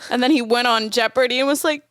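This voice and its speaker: High-voiced woman podcast co-host. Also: quick pace, fairly bright tone, no echo, studio quality. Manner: laughing, storytelling. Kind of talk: casual chat.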